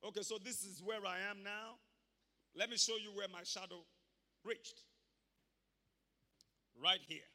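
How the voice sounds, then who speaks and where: Male preacher, sharp bright tone, hall echo. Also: sits high, steady tone, moderate pace, long pauses. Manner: emphatic preaching, bursts of loud exclamation. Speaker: pastor. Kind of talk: sermon. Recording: long hall reverb.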